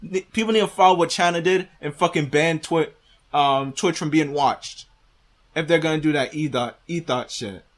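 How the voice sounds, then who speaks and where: A man's voice: on the high side, normal speed. A man hosting a reaction video, ranting with heavy profanity and arguing back at the clip he is watching.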